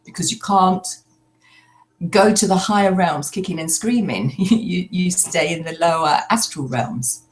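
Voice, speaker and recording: An older woman telling a personal story in a slow, reflective way, pausing often as she speaks. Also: on the low side. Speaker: spiritual speaker.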